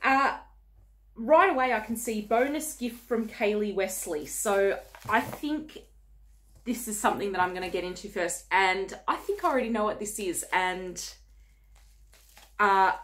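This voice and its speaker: A woman's voice: mid-range voice, a little slow, a bit bright. A young woman unboxing gifts for her vlog, gushing, gasping and squealing with delight. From Australia. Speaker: beauty vlogger.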